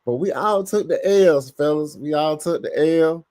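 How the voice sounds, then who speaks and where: A man hosting a casual live sports podcast, reading the chat aloud and talking back to it with lively bursts of emphasis. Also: on the high side, a little slow, dry recording, clean studio sound. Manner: animated, talks to chat, bursts of louder emphasis.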